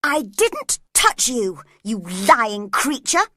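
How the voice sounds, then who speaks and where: Woman doing a bratty hot-tempered young lady, high and shrill, snappy and swooping. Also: huge pitch swings, a little slow, a bit bright, no echo, clean studio sound, heavily acted. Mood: furious. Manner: shrill, petulant outbursts.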